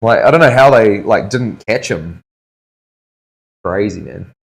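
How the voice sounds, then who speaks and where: A man's voice: on the low side, animated, measured pace, vocal fry. A man, a tattoo artist chatting casually on a live stream, laid-back and joking, swearing freely. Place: tattoo studio.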